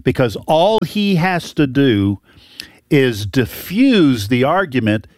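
A man's voice: mid-range voice, very animated, takes it slowly, no room sound. A man co-hosting a political talk radio show, arguing his points with emphasis. His voice sits in an ordinary middle range, recorded dry and close in the studio. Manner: opinionated, argues points with emphasis.

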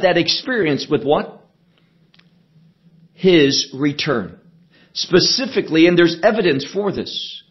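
This Bible teacher has a high voice, and the recording's highs are cut off. Moving verse by verse through his sermon, he speaks with deliberate emphasis and uses rhetorical questions to unpack the passage.

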